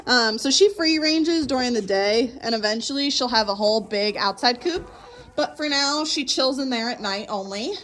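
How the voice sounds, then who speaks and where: A young woman talks at a normal speed in a fairly bright tone while showing viewers around her farm and barn on a handheld phone. Chatty, upbeat and slightly winded, she calls her animals in a high voice, with faint outdoor noise behind her.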